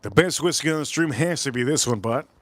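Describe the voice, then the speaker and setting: A man's voice: medium pitch, animated, brisk, no room sound. A man hosting a live stream in a loose, repetitive, chatty way, calling out viewers' names one after another. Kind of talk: casual live stream chat.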